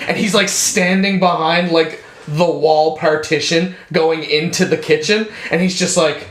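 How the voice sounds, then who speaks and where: A young man co-hosting a podcast, swearing freely and telling stories with animated energy. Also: fairly high pitch, moderate pace, hardly any pauses, roomy sound. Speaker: podcast co-host. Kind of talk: casual chat.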